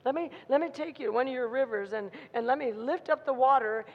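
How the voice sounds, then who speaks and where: A woman preaching a sermon, telling a story in an animated way and acting out the voices of a frightened crowd. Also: sits high, brisk. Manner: animated, acts out crowd voices with rising intensity. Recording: muffled sound in a reverberant hall.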